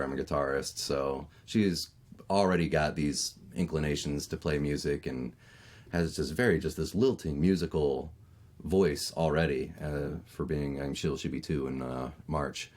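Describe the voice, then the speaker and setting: A man in his thirties from Maryland with a neutral American accent, chatting casually as a voice actor guest on a podcast, with lots of fillers and lively storytelling. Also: very deep voice, moderate pace. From Maryland, USA. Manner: chatty, lots of fillers, animated when telling stories.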